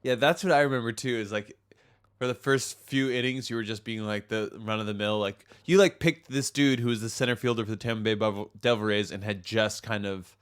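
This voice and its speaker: American dude cohosting a podcast, cursing and laughing, chatty and loose. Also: male voice, lowish voice, fairly quick, fairly bright tone, smooth. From United States. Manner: loose, profane, laughing a lot. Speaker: podcast co-host. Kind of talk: casual banter.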